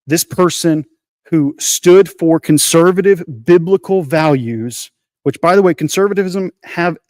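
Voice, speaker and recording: Speaking at a measured pace in a fairly high, darkish voice, a man co-hosting a casual faith podcast shares an emotional personal story with earnest sincerity. He restarts often, repeats phrases, and leans on fillers, all in a dry, studio-quality recording.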